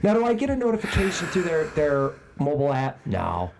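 A man's voice: a little high, wildly swooping pitch, fairly quick, creaky, background noise. A man telling a long, profane story as a podcast co-host, ranting and swearing constantly.

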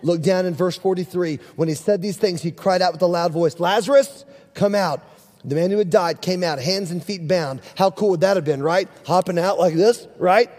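A middle-aged pastor with a high, darkish voice preaches an earnest, emphatic sermon in a church sanctuary, calling out to his congregation. He talks a little fast with few pauses, and the recording carries a long hall reverb.

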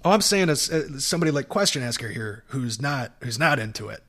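Bright-voiced man in casual chat. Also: medium pitch, animated, brisk. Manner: laughing, profane, rambling with restarts. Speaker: podcast co-host.

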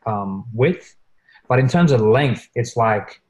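A man telling a story in casual chat, rambling and filling pauses with "you know" and "like", growing animated as he recounts it. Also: poor audio. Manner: animated when recounting, pitch jumps up.

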